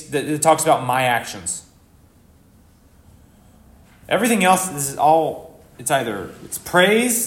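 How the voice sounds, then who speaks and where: A man preaching a live sermon as pastor, earnest and conversational, with sudden rises in pitch and volume for emphasis. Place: church sanctuary. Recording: echoey church hall.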